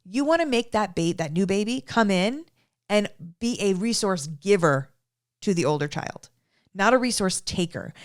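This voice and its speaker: A woman's voice: medium pitch, expressive, moderate pace. A young adult woman who trains dogs, giving an emphatic instructional talk and checking in often with "okay?". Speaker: dog trainer.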